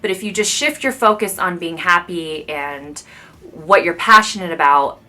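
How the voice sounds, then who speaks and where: Brief: bright-voiced woman in her 30s, beauty vlogger, chatty and gushing, talking straight to camera mic at home. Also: lowish voice, normal speed. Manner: gushing, confiding, talks straight to viewers. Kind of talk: chatty get-ready-with-me talk. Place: at home doing makeup in front of a camera.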